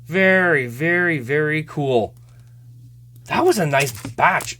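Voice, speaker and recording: Chatty guy with a lively voice. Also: on the high side, slow pace. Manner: chatty, laughs often, stumbles over names. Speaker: host. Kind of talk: casual card-opening chat.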